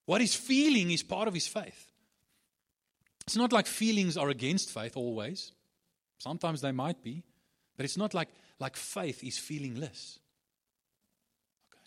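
A man's voice: fairly high pitch, very animated, measured pace, pauses often, fairly bright tone. A man preaching a sermon, driving points home with repeated phrases and talking with frequent restarts and fillers. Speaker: pastor.

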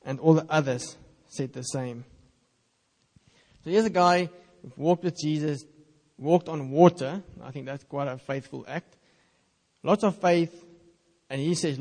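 A man's voice: on the high side, darkish tone. Guy preaching, afrikaans speaker, earnest and chatty, long hall echo. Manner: earnest, conversational, reads scripture aloud. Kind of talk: sermon.

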